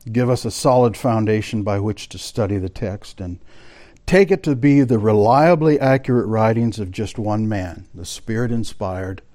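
A man with a mellow, darker tone leads a Bible study class. He explains the text patiently, reads passages aloud, and turns to his listeners with questions. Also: fairly low pitch. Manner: explanatory, quoting sources aloud, addressing the class directly. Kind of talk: Bible study lecture with read quotations.

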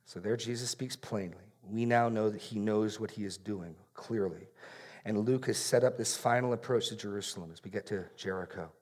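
A man preaching an expository sermon in an earnest way, repeating key phrases for emphasis and going quiet on solemn points. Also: lowish voice, moderate pace.

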